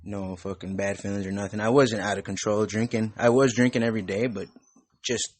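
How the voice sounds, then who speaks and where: A man's voice: fairly low pitch, steady tone, brisk, no echo. A young man hosting a podcast, chatting in a loose, rambling way with plenty of cursing. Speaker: podcast host. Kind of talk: casual chat.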